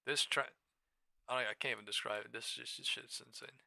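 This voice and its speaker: A man casually commenting on stock charts during a live trading stream, excitable and profane, thinking aloud as he goes. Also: mid-range voice, fairly quick, vocal fry, no room sound.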